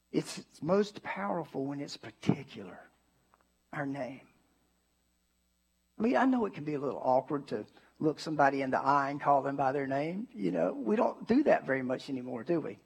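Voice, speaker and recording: High-voiced man preaching expressively. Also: normal speed, creaky, slightly rough. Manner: expressive, swings from emphatic to hushed. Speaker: pastor. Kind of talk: sermon.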